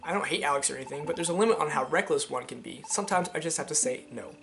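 A man voicing a gentle, thoughtful young classmate, reading game dialogue aloud in an earnest way over game music. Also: on the high side, very fast, vocal fry, background noise.

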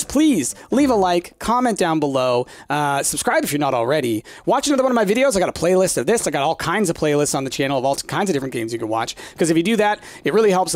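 A man, hosting his own channel and giving frantic, exasperated solo commentary over a cooking game. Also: on the high side. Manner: frantic, exasperated, says "y'all". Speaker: gaming channel host.

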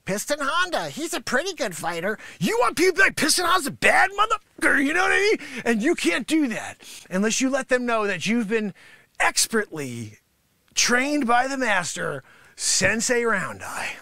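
A man voicing a loud, boastful karate master who berates his class and hard-sells his secret move. The voice sits very high with a gravelly edge and bright, sharp tone, swinging wildly in pitch. It is recorded dry and close, like a comedy sketch monologue. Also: sing-song, moderate pace, no room sound, full character voice. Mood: salesy. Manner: brash, scolding, mocking, salesman patter. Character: boastful greedy male karate sensei, middle-aged, abrasive. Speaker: comedy show host. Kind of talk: improvised comedy character monologue.

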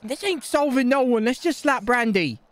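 A man's voice: extremely high pitch, animated, moderate pace. A man talking brashly and crudely in rambling bursts as his character in improvised game role-play.

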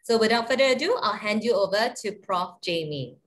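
A woman's voice: mid-range voice, animated, fairly quick. A woman with a Singaporean accent reads a formal scripted introduction as host of an online seminar. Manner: polished, formal announcer delivery. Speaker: webinar host. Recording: faint background noise.

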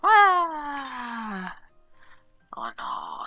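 A woman's voice: low voice, sing-song, slow pace, vocal fry, pauses often, pushed and bright, soft background music, low-quality recording. A woman giving casual gameplay commentary, swearing often, exasperated and laughing at herself. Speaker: gameplay streamer.

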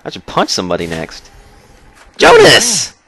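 A man's voice: lowish voice, very animated, fairly quick, a bit bright. Goofy, sarcastic gaming commentator man. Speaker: let's play commentator. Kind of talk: jokey gameplay commentary.

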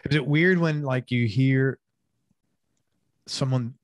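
A man's voice: medium pitch, slow pace, no room sound. A man hosting an interview, asking enthusiastic, rambling questions in a casual way. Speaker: interview host.

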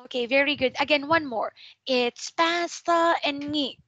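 A woman tutoring English online over a video call, patiently correcting pronunciation and drilling words with slow repetitions. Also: high-pitched, a bit bright, no echo, dull audio. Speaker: English teacher.

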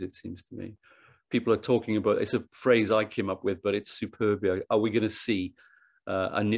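A man speaking at a conference with a fairly low voice, working through his slides. He thinks aloud, restarts phrases and repeats words as he goes. The sound is dry and close, with almost no room echo. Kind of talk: presentation talk. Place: online event.

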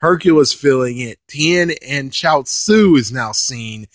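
A man giving casual episode commentary as an anime reviewer. He is animated, swears casually, and laughs while he talks. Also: mid-range voice, measured pace, no echo.

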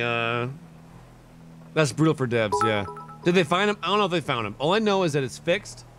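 A man's voice: medium pitch, a bit bright. A young man streaming live, chatting casually, chuckling and thanking his chat. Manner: laid-back, chuckling, reads and thanks chat.

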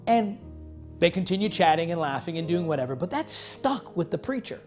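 Halting storytelling pastor over faint music. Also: male voice, fairly high pitch, big pitch swings. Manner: halting, many fillers and restarts. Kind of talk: storytelling sermon.

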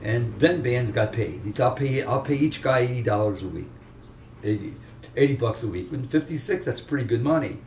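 A man's voice: mid-range voice, lively intonation, brisk, darkish tone, slight background noise. Brief: older man, veteran guitarist, chatty storyteller with restarts, faint room ambience behind him. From Chester, Pennsylvania area. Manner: rambling, anecdotal, with restarts. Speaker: veteran rock guitarist interviewee. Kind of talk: casual storytelling interview. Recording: roomy room, distant mic, faint ambience.

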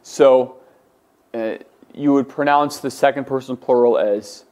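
Slow and a little mellow, this mid-range male voice belongs to a Greek teacher giving a classroom lecture. He patiently explains forms and drills students on saying words out loud.

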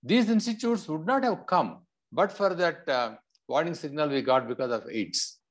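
A man from India speaking as a panelist in a public health discussion, explaining in a measured way. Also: a little high, lively intonation.

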